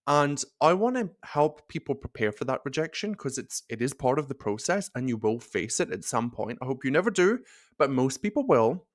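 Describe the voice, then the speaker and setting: Australian man, 30s, podcast host, mid-pitched, playful and talkative, dry booth sound. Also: big pitch swings, moderate pace, no room sound. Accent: Australian with a Scottish tinge. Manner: chatty, playful, laughs easily. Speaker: podcast host and nurse coach. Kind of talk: casual solo podcast talk.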